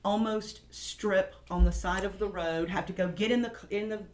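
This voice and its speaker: A middle-aged woman tells a chatty campaign story at a round table, quoting others as she talks. Her voice has an ordinary pitch for a woman. The room sounds echoey around her. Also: steady tone, moderate pace, darkish tone, slight background noise. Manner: chatty, quotes people in her stories. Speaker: political round table panelist. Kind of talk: casual storytelling chat.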